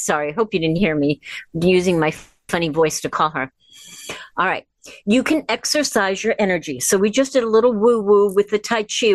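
A woman's voice: mid-range voice, dry recording. Chatty woman coaching from home. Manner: chatty, encouraging, slows down for imagery. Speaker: wellness host. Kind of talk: casual instructional livestream. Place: at home with her dog. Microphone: device camera.

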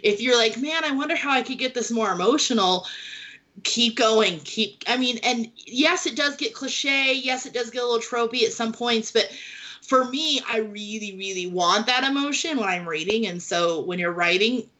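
A woman hosting a casual panel chat, an animated storyteller who acts out quotes from her writing life. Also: fairly high pitch, normal speed, poor audio. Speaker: podcast host, romance author.

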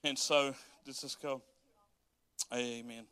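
A man preaching a sermon as pastor, animated and folksy, acting out everyday scenes with casual asides. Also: medium pitch, slow, clear, resonant tone, no echo. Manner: animated, acts out everyday scenes in quoted voices.

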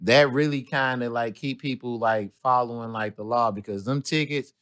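A man's voice: mid-range voice, normal speed, a bit bright. Laid-back slangy man from St. Louis. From St. Louis, USA. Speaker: guest comedian. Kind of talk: casual interview chat.

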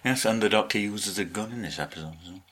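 A deep-voiced man co-hosting a casual podcast. He argues his points earnestly and trips over repeated restarts as he talks. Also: fast talker, a bit bright. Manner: stammering restarts, earnest and argumentative. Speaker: podcast co-host. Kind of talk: casual chat.

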